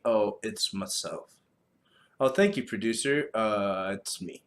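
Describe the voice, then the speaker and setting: A man hosting a solo podcast, talking casually in a profane, rambling, animated way. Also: lowish voice, slow pace. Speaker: podcast host.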